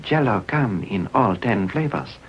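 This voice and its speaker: A man's voice: a little high, lively intonation, measured pace, muffled recording, a little hiss or hum. A man voicing a commercial narrator in a mock broken-English voice, clipped and sing-song. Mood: mock solemn.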